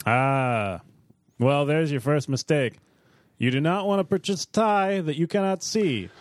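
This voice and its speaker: A man's voice: on the high side, measured pace, no room sound. Comedy podcast co-host, male, pompous corporate-guru delivery, dry room. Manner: pompous mock-business speaker.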